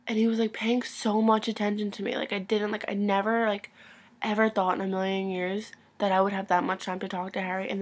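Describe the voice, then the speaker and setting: A young woman telling an excited story for her vlog, gushing and full of "like," sometimes dropping to a whisper. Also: mid-range voice, breathy edge. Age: young adult. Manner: gushing, breathless, constant "like" filler; swings between loud excitement and hushed whispers. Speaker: vlogger.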